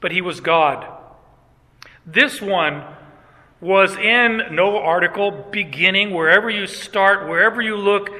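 A high, very bright male voice preaches with emphatic, rhetorical energy. He leans hard on key words and slows them down. His voice carries a long reverb tail from a large hall. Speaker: pastor. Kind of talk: sermon.

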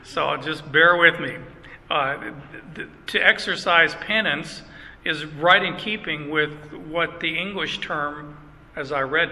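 A man's voice: on the high side, pushed and bright, in a large hall, poor audio. An older Canadian man, a pastor, teaching a sermon in a conversational way with chuckling asides and frequent restarts.

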